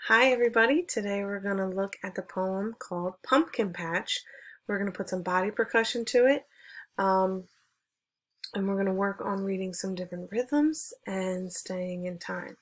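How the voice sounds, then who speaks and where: A woman music teacher giving an online lesson for children, speaking clearly and encouragingly as she leads call-and-response chants. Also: medium pitch, normal speed, a bit bright.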